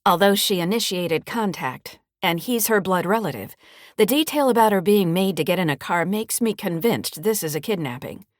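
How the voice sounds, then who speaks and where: A woman voicing a serious female FBI agent who speaks low and measured, in a dry close recording. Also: animated, no echo, close to an everyday voice.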